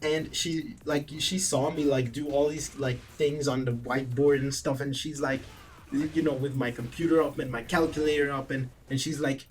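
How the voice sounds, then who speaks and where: A young man telling a story in a casual vlog, animated and profane, rambling with self-corrections. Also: medium pitch, moderate pace, a little hiss or hum. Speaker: vlogger. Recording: distant mic, faint background music.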